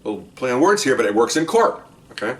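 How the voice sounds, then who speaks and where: A retired undercover police officer, an older man, rattles off casual stories of past cases, quick and animated, acting out the back-and-forth of each scene. His medium-pitched voice sits a little away from the microphone.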